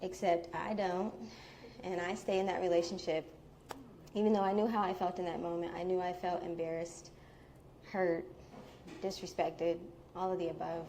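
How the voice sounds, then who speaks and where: A woman's voice: on the low side, flat delivery, normal speed, a little hiss or hum. A young woman with a Midwestern American accent telling a personal story live to an audience in a bubble tea shop, chatty and candid. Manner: candid, chatty, with soft laughs.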